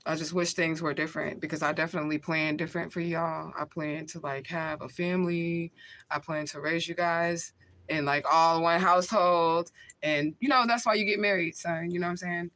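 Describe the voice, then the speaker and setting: A woman's voice: sits low, steady tone, moderate pace, a bit bright. A woman talking casually into the camera on a livestream, emotional and blunt, swearing freely and laughing often.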